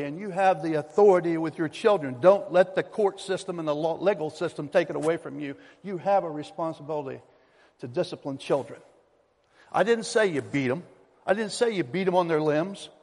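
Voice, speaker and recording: A male pastor delivers a sermon in a church sanctuary with a somewhat high, emphatic voice and a folksy, storytelling turn. A long hall reverb trails behind his words, and the delivery stays direct and pressing. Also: fairly quick, darkish tone.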